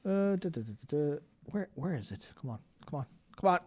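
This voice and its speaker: A man's voice: fairly high pitch, expressive, a little fast, a little mellow, breathy edge. A tired man, co-hosting a casual live stream, rambling and swearing as he looks for things. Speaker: co-host.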